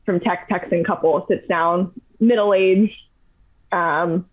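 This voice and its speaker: A young woman in her twenties, a podcast guest, telling travel stories in a chatty, animated way with lots of "like". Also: lowish voice, takes it slowly. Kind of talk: casual storytelling. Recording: tinny phone-like line.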